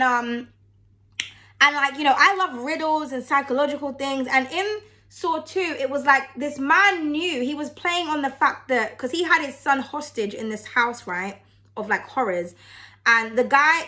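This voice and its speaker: High, bright young woman, rambling tarot chat, casual and sweary. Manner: rambling, chatty, swears freely. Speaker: tarot reader.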